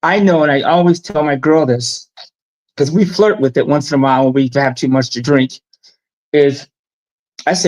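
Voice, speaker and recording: A middle-aged man talking in a casual live-stream chat, animated and emphatic, telling stories with asides. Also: a little high, moderate pace, long pauses, low-quality recording. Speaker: guest.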